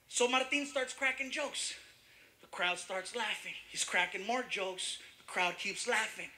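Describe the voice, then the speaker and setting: A man doing stand-up comedy, telling an animated story and shouting some punchlines. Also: high voice, measured pace.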